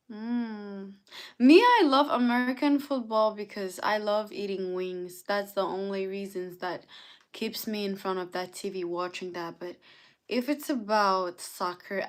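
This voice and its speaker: A young woman hosting a casual live stream, chatting, greeting viewers by name and answering their comments. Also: mid-range voice. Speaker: livestream host.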